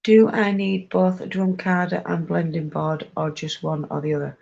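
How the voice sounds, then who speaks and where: A woman's voice: on the low side, little pitch movement, normal speed, vocal fry, a little mellow, muffled recording. A woman chatting casually on a live stream, reading out and answering viewers' questions. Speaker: fibre craft live-streamer.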